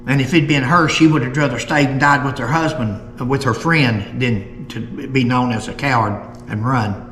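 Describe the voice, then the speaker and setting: A man hosting a casual history talk, folksy and opinionated, reading old newspaper accounts aloud and slowing down for emphasis. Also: medium pitch, a bit bright. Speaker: history show host. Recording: echoey room with long reverb.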